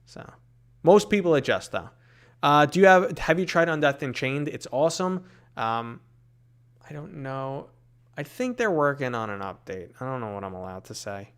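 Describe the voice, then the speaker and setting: A man's voice: mid-range voice, animated, normal speed, fairly bright tone, clear, resonant tone. A man from New York City with a New York accent, casually answering live chat questions, full of fillers and tangents. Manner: rambling, many fillers, reads chat aloud.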